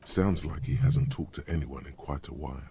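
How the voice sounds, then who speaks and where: Omniscient game narrator, extremely deep and gravelly, faint music behind. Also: male voice, dark tone, slight background noise. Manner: measured, dry.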